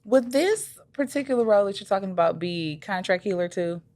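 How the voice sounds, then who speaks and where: A woman's voice: medium pitch, lively intonation, brisk, darkish tone, no echo. A woman hosting an interview, chatty and enthusiastic, with informal phrasing. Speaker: interview host. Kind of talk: casual interview.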